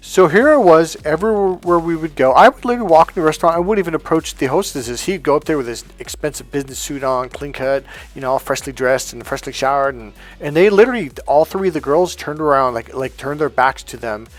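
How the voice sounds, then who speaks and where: A man's voice: on the high side, quick pace, few pauses, soft background music. A man coaching on dating, telling a story in a casual monologue, swearing bluntly and acting out what people said. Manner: blunt and profane, swearing often; animated, acting out quotes from a story.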